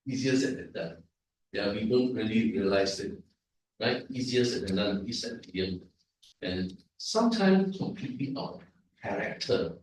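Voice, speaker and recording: A man's voice: fairly low pitch, lively intonation, moderate pace, a little hiss or hum. Man evaluating in an echoey hall. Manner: explanatory, repetitive, asks the audience "right?". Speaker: Toastmasters language evaluator. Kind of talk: club meeting evaluation speech. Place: large echoey meeting room. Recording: echoey room from far off.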